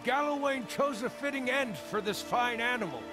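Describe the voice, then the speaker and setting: A man voicing a friendly, easygoing male druid wanderer, reading the game's dialogue aloud in a relaxed, good-humored way over faint game music. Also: very high voice, moderate pace, voice pushed up.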